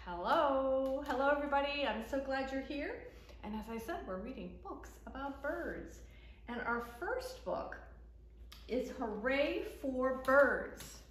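A woman's voice: high voice, takes it slowly. Cheery story time lady reading to kids, roomy echo. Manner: cheerful, sing-song, animated with children. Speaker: children's librarian. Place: library. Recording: echoey room with faint background noise.

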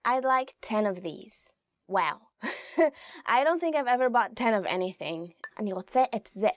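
A woman's voice: on the high side, big pitch swings, dry recording, clean studio sound. Chatty woman teaching phrases. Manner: chatty, informal, many fillers; reads phrases slowly and clearly. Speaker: language teacher. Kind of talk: casual video lesson.

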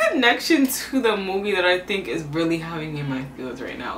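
A young woman hosting a casual music reaction vlog, expressive and emotional, talking straight to her viewers. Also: fairly low pitch, measured pace, pauses often, a little hiss or hum. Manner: expressive, emotional, laughs often. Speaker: reaction video host. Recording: echoey room, mic at a distance.

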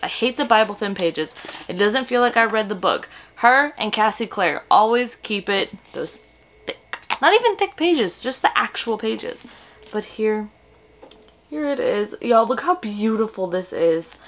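Gushing with excitement, a twenty-something woman chats in a casual at-home book vlog, her talk punctuated by gasps and breathy whispers. She speaks at medium pitch over slight background noise.

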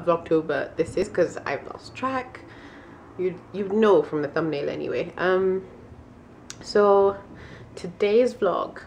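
A woman's voice: lowish voice, slight background noise. Chatty, bubbly woman vlogging at home. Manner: chatty and bubbly, laughs often. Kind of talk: casual vlog chat. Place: at home, indoors.

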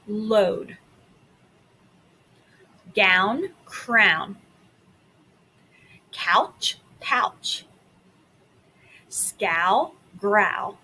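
A woman teaches young children phonics, stretching out each sound at an unhurried pace. Her voice is bright and forward, with a cheerful, encouraging classroom manner. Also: a little high. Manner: slow, deliberate enunciation of sounds and words.

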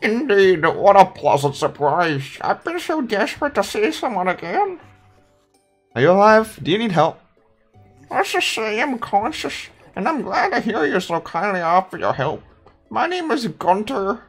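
A woman voicing a polite, gentle male zombie with a put-on German accent, in a higher sing-song voice. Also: very animated, measured pace, husky, soft background music. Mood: courteous. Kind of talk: voicing game dialogue.

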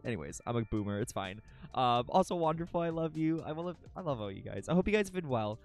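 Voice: mid-range voice, expressive, quick pace, darkish tone. A live streamer chatting casually with viewers, greeting the chat by name and swearing freely as they ramble. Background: faint background music.

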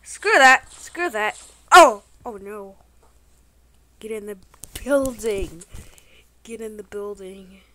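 Excitable woman narrating her gameplay. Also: mid-range voice, slow, pauses often. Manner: excitable, bursts of exclamations; playful trolling banter, slangy. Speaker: gaming channel host. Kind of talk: gameplay commentary.

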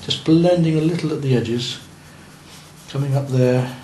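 In an unhurried, warm, medium-pitched voice, a man teaches beginners to paint in a classroom, working as he coaches them. He offers encouragement and checks how each student is doing. Faint noise sits in the roomy recording.

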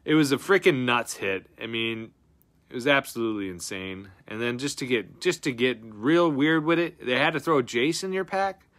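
A man hosting a live card-breaking stream, chatting casually and slangy, flipping between loud excited bursts and quiet breathy mutters. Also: medium pitch, moderate pace. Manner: slangy, says dude and bro a lot.

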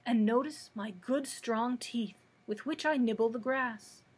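A woman's voice: on the high side, a little slow, slightly rough, rough recording. A woman voicing a boastful, haughty old male cab horse in a storybook read-aloud. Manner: haughty, demanding.

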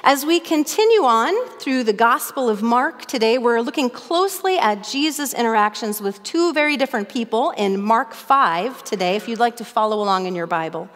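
A middle-aged woman from northern Minnesota preaching a sermon as pastor, telling stories in an earnest, animated way. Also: a little high, moderate pace, hardly any pauses, in a large hall. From northern Minnesota, USA.

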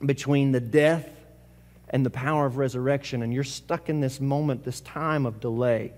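A male pastor preaching a sermon with passion, repeating phrases and swinging from loud bursts to hushed lines. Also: mid-range voice, fairly even intonation, normal speed, in a large hall. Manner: impassioned preaching with repetition and sudden swings between loud and hushed. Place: church service.

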